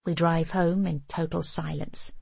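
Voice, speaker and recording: An older woman narrating a memoir audiobook in a measured, intimate first-person voice. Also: low-pitched, little pitch movement, creaky, a little mellow, breathy edge, no room sound.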